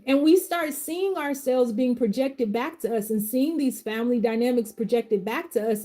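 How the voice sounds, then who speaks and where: A live tarot reader with a fairly high voice gives a reading and pep talk on a livestream, speaking at a normal speed with few pauses. She swings between soft, comforting reassurance and fired-up, passionate outbursts, using casual Southern vernacular.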